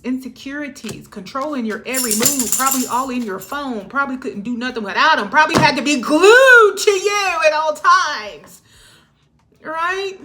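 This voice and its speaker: A woman giving a casual tarot reading, talking animatedly with laughing asides and swinging between low mutters and loud exclamations. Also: a little hiss or hum. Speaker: tarot reader. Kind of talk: casual spiritual reading monologue.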